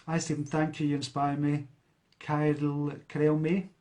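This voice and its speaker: Scottish man, live stream chat, self-help talk, slightly higher voice, chatty with fillers. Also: completely flat delivery, normal speed, a little mellow. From Scotland. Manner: reads out viewer comments and answers them. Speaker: self-help speaker answering live comments.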